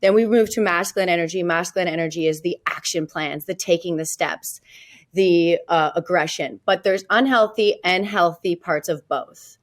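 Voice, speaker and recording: A woman's voice: on the low side, moderate pace. A woman being interviewed as a real estate agent, self-assured and upbeat, often laughing at her own lines. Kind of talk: casual interview talk.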